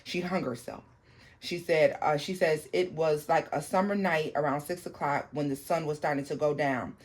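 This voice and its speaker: Halting storyteller reading a ghost story. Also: mid-range voice. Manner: reads haltingly, with frequent restarts and asides to viewers. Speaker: tarot channel host. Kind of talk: reading a viewer's paranormal story aloud.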